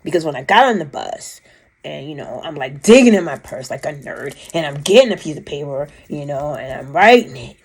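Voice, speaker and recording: Emphatic woman with a lowish voice. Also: a little fast, husky, rough recording. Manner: animated, emphatic, rambling with restarts. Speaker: vlogger recounting a personal experience. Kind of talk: casual storytelling.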